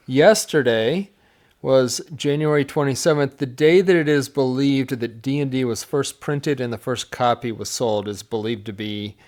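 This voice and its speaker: A man's voice: medium pitch, a little mellow. A middle-aged man co-hosting a casual tabletop gaming chat with his son, rambling and joking as he talks. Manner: jokey, rambling, quick asides. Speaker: podcast co-host, father.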